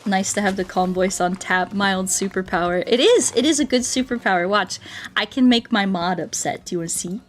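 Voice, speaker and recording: A woman's voice: medium pitch, a little fast, slight background noise. A woman streamer and ASMR artist chatting casually with her viewers, playful and self-joking, with faint game music behind her. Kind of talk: casual livestream chat with viewers.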